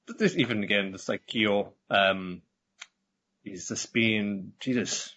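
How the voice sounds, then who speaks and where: A man's voice: lowish voice, slow pace, breathy edge. A man co-hosting a podcast, talking casually about an anime and acting out characters' lines. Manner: relaxed, acts out characters' lines. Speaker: podcast co-host. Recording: slightly dull lo-fi recording.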